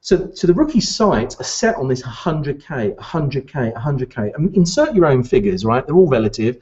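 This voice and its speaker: Male business coach, lively and varied delivery, direct address with rhetorical questions, slightly muffled recording. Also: mid-range voice, normal speed. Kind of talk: direct-to-camera coaching talk.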